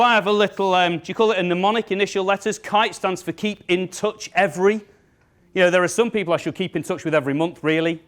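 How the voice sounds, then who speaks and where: A man's voice: fairly high pitch, fairly bright tone, clear, resonant tone. Upbeat man leading a sales workshop. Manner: upbeat, joking, gives brisk instructions. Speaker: sales trainer. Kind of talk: live workshop talk to an audience. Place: event room with an audience.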